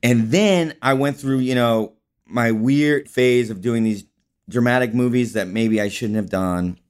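A man's voice: mid-range voice, a little slow, smooth. A man guest on an interview show, telling stories in a rambling, casual way, often saying "like" and "you know". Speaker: guest, actor and filmmaker.

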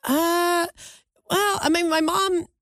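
A woman's voice: very high voice, fairly even intonation, slow, a bit bright, no room sound, clean studio sound. A woman co-hosting a podcast, chatting casually and laughing often. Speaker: podcast co-host. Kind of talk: casual chat.

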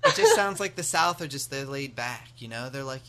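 An American man co-hosting a podcast in relaxed, rambling chat, joking and filling gaps with ums. His voice is bright and forward, at an everyday middle pitch. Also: moderate pace, a little hiss or hum. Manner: rambling, jokey, full of fillers. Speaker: podcast co-host. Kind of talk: casual chat.

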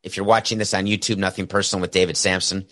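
A sports podcast host runs a solo talk show from a home studio with a camera and soundboard, speaking into a headset mic with an earpiece. His voice is low, fairly bright, and fast, with little pitch movement and no echo. He rambles sarcastically, tossing in jokey asides.

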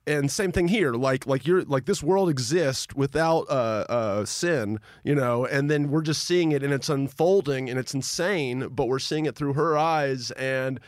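Brief: mid-pitched man, halting casual talker, dry close recording. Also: dry recording. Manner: halting, stammering, profane. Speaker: podcast co-host. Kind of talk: casual film discussion.

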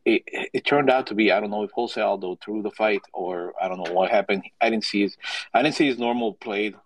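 Male caller, low pitch, stammering, aggrieved; dry close sound. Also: dry recording, low-quality recording. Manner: hesitant, stumbling, aggrieved. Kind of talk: casual chat.

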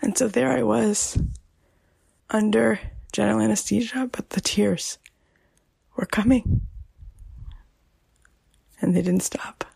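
A woman hosting a podcast, talking softly and emotionally, often dropping almost to a whisper. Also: medium pitch, slow, gravelly, pauses often, slightly rough, no echo. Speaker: podcast host. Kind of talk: personal podcast monologue.

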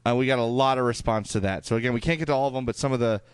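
A man's voice: mid-range voice, rapid-fire, smooth, no echo, studio quality. Chatty Chicago man reading listener emails. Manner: chatty, full of fillers and restarts. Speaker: podcast co-host.

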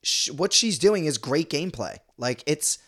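A man's voice: on the high side, very animated, normal speed, fairly bright tone. A man co-hosting a podcast in casual chat, agreeable and chatty. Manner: chatty, agreeable, keeps saying "I know". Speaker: co-host.

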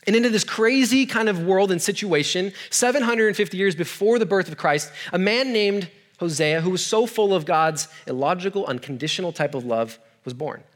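A man's voice: high voice, lively intonation, a little fast, few pauses, a bit bright. A man, a youth pastor, giving a sermon in a conversational, storytelling way, with jokey asides and questions to his audience. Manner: joking asides and self-deprecating humor.

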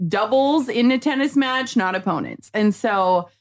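A woman's voice: on the high side, animated, a little slow, no room sound, clean studio sound. A young woman, a podcast host and mother, talking casually with lots of "like" and quoted asides, and also reading sponsor spots. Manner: chatty, with many likes and quoted asides. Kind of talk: casual conversation and ad read.

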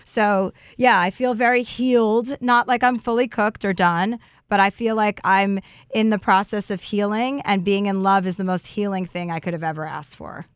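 A woman's voice: medium pitch, fairly even intonation, normal speed, clear, resonant tone, no echo, clean studio sound. A woman on a podcast, sharing an earnest and heartfelt personal story in casual chat.

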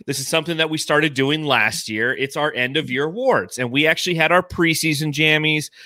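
A man's voice: fairly high pitch, fairly quick, pushed and bright, no room sound. A man co-hosting a sports podcast in a casual, playful, upbeat way. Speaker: podcast co-host.

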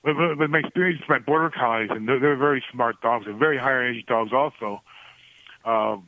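A man calling in to a radio show, rambling and halting as he tells a story about his dog. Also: mid-range voice, phone-quality sound. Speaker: caller. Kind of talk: radio call-in question.

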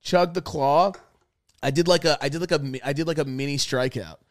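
Young male co-host, slightly high voice, animated profane storyteller who acts out the quotes. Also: fairly quick, no echo. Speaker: podcast co-host. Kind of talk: casual storytelling chat.

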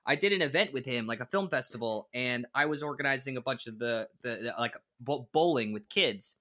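A man's voice: medium pitch, fairly quick, bright, forceful tone. A man, an actor guest on a podcast, chatting casually and animatedly, laughing often and restarting his sentences. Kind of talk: casual chat.

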